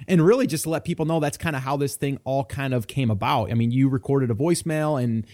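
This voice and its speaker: A man's voice: medium pitch, fast, warm tone. A man hosting a podcast, introducing a guest and chatting in an upbeat, casual way. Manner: upbeat, laughs easily. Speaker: podcast host.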